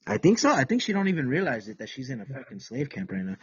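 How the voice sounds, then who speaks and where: Husky crude-talking podcast host man. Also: mid-range voice, very animated, fast talker, dry recording, highs cut off. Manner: crude, rambling, many restarts, teasing. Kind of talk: casual rambling podcast rant.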